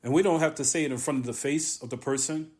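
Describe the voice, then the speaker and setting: A man's voice: a little high, fairly even intonation, darkish tone. A man teaching a religious lesson in a mosque, speaking emphatically, repeating points, and scattering Arabic terms through his talk. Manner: repetitive, emphatic, drawn-out pauses. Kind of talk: religious lesson on a classical text.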